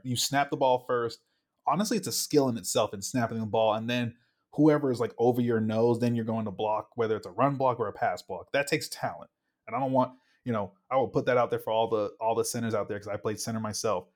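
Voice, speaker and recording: Young male co-host, casual football chat, excitable, mid-range voice. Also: medium pitch. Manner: animated, gets worked up, acts out quotes. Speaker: podcast co-host.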